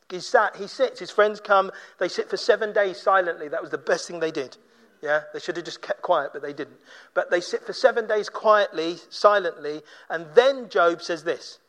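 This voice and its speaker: A man's voice: high-pitched, normal speed, a bit bright. A man preaching a sermon in a conversational way, briefly acting out the people he quotes. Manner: conversational, acts out quoted voices. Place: church.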